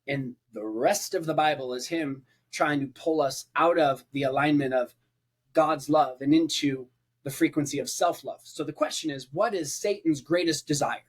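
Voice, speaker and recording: A man's voice: on the high side, slightly rough. A man who is a preacher, talking as a podcast guest in a passionate conversational way, with emphatic repetition and rhetorical lists.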